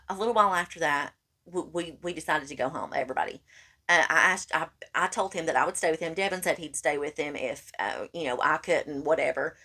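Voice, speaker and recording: A woman, co-hosting a podcast and telling a story in casual chat, acting out the quoted lines with lots of animation. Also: low-pitched. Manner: animated, acts out quoted lines, calls listener honey. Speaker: podcast co-host.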